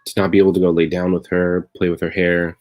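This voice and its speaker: Deep-voiced man rambling through a story. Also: flat delivery, quick pace, a little mellow. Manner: rambling storytelling, turning wry then tender. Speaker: comedian hosting a live stream. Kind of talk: casual confessional monologue. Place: his bedroom at home.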